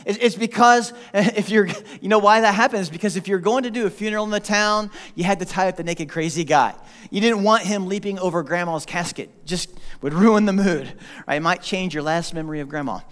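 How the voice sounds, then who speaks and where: Pastor guy preaching, pretty high voice, jokey storyteller, lots of hall echo. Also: brisk. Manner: animated, joking storyteller. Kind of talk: sermon. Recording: long hall reverb.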